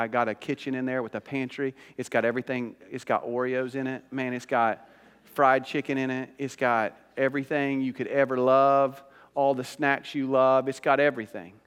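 A man's voice: medium pitch, in a large hall. A man preaching a sermon as pastor, conversational and emphatic, with rising bursts of emphasis.

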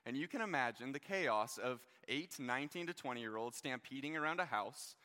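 A young man gives a relaxed sermon to a live crowd. He tells stories and jokes, leaning on "like" and "you guys". His voice is bright and edgy, and a long reverb trails it through a large hall. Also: mid-range voice, normal speed. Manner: chatty, joking, lots of "like" and "you guys".

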